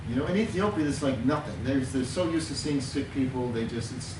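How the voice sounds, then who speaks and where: A man's voice: mid-range voice, brisk. A man speaking as a counselor in an earnest conversational teaching talk, repeating words for emphasis. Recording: roomy, distant mic with background noise.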